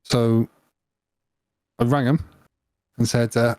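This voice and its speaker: A man chats on a podcast in a mid-pitched voice, dropping teasing jokes into his co-host's stories. The sound is dry and close to the mic. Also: fairly even intonation, moderate pace, a little mellow, no echo. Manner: joking, teasing interjections. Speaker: podcast co-host. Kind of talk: casual banter.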